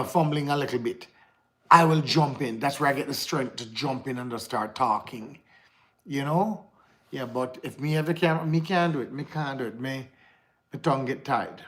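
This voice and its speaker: A man with a Jamaican accent chatting casually to viewers on his livestream, rambling and slipping into patois. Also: mid-range voice. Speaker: livestream host. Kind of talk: casual live chat to viewers.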